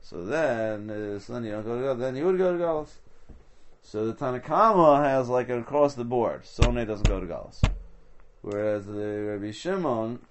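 A man's voice: mid-range voice, moderate pace, a little hiss or hum. A man teaching a Talmud study session, explaining step by step and asking rhetorical questions. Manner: explanatory, mixes Hebrew and Aramaic terms into English.

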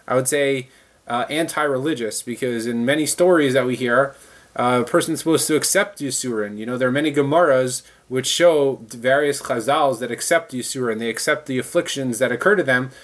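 A man's voice: mid-range voice, normal speed, a bit bright. A man teaching a Talmud lesson, reading the text aloud and then explaining it in plain, conversational words.

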